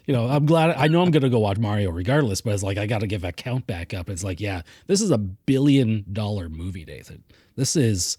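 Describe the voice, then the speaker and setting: A man's voice: mid-range voice, brisk, mellow, dry recording. Chatty man with a dry close sound. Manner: chatty, self-deprecating, laughs easily. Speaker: podcast co-host. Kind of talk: casual film review chat.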